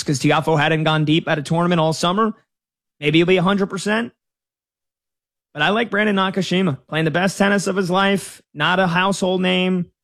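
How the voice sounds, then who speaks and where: A man's voice: high-pitched, a bit bright. A man talking casually as a sports betting analyst, conversational with frequent fillers. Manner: conversational, uses fillers like "you know".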